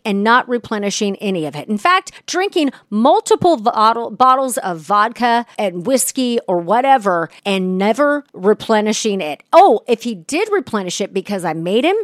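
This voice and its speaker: A woman's voice: medium pitch, no room sound. Blunt, profane woman podcaster, dry sound. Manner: blunt and profane, swears often. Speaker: radio personality and podcast host. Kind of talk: casual storytelling.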